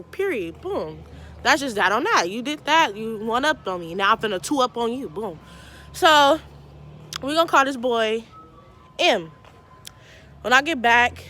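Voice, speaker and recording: Animated young woman telling a story. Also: fairly high pitch. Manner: animated storytelling, acting out both sides of the dialogue. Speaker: vlogger telling a personal story. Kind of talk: casual storytime.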